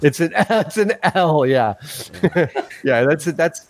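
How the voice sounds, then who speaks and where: A man's voice: a little high, expressive, slow, dry recording. A man in a casual group chat, talking in a wry, teasing way and laughing often.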